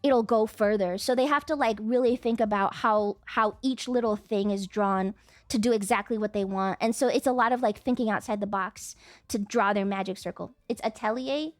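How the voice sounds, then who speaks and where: A woman streamer in casual live-stream chat, excitable and chatty, sometimes swearing at her chat over a desk mic. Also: mid-range voice, moderate pace, no room sound.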